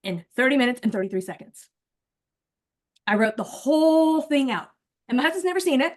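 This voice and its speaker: A woman in her forties speaks over a video call with a slightly high, bright-toned voice. She is animated and chatty, talking straight to her listeners as a coach would. Her manner shifts into rehearsing a prepared speech. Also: fairly quick. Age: 40s. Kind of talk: casual chat, then rehearsing a speech.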